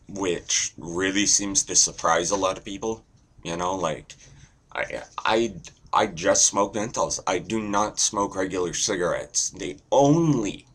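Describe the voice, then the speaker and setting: Slow deep-voiced husky young guy. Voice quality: deep monotone. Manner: slow, deadpan, swears casually. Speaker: vlogger. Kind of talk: casual rambling monologue.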